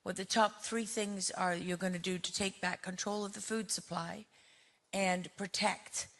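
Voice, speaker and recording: A woman asks the candidates a question at a public forum, in a flat, measured way. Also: medium pitch. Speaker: audience questioner.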